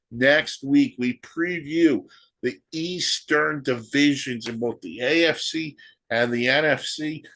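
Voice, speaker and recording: A man's voice: medium pitch, fairly bright tone. A man hosting a solo sports podcast, ranting and firing off rhetorical questions. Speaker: podcast host.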